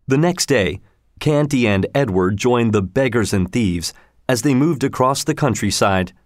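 A man narrating a storybook aloud in a measured, expressive way. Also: mid-range voice, no room sound, studio quality.

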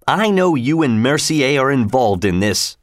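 A man's voice: mid-range voice, very animated, a little slow, dry recording, studio quality. A man voicing a suspicious male theater secretary who presses his colleagues with insistent, accusing questions. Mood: agitated.

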